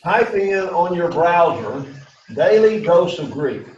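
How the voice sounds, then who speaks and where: A man's voice: high voice, expressive, slow, a little mellow, dull audio, a little hiss or hum. A middle-aged man teaching a Greek class, lecturing to students in an emphatic way and repeating his key points.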